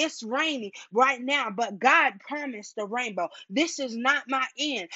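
A woman preaching a fiery motivational sermon, making bold, defiant declarations that build to shouts. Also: sits high, no echo, highs cut off.

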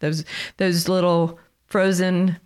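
A woman, co-hosting a casual faith podcast in a gentle, easygoing way. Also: lowish voice, level tone, slow pace. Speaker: podcast co-host.

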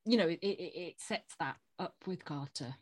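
A woman's voice: fairly low pitch, normal speed, no echo. A woman co-hosting a podcast, chatting animatedly as she recaps a TV episode. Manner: chatty, animated, lots of fillers. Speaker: podcast co-host. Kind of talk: casual chat recapping a TV episode.

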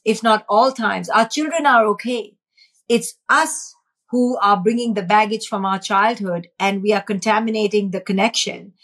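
A woman's voice: mid-range voice, fairly bright tone, breathy edge. A middle-aged woman, a parenting expert, explaining earnestly and emphatically as a guest in a podcast interview.

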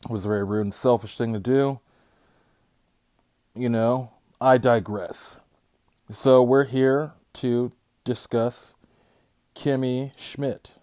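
A man talks alone into his podcast mic, rambling from one thought to the next and swearing freely. His voice sits at an ordinary middle pitch for a man. The delivery is candid and conversational. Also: fairly even intonation, slow, long pauses, dark tone. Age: adult parent. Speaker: podcast host. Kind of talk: solo podcast monologue.

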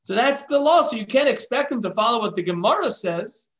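A man telling a religious story in an animated way, switching voices for the characters. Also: extremely high pitch, fairly quick. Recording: echoey room.

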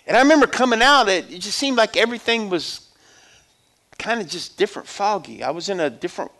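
A middle-aged man with a notably high voice preaches a testimony sermon. He talks in a conversational way, rising to loud calls to the congregation and dropping to near-hushed storytelling. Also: animated, a little fast.

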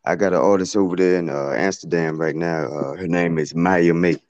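A man's voice: sits low, steady tone, brisk, darkish tone, dull audio. A man appearing as a guest music producer, talking in a laid-back, slangy and loose way. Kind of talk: casual interview talk.

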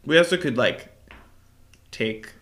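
A young man co-hosting a podcast in casual chat, rambling and halting with many fillers and restarts. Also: medium pitch, fairly bright tone. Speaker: podcast co-host.

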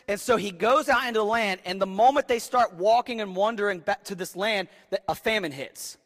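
High-voiced young preacher in a reverberant hall. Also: male voice, fairly quick, hardly any pauses, fairly bright tone. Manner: keeps asking "right?" and acts out voices in quotes. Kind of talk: casual conversational sermon. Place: church hall with a live audience. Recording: long reverb of a large hall.

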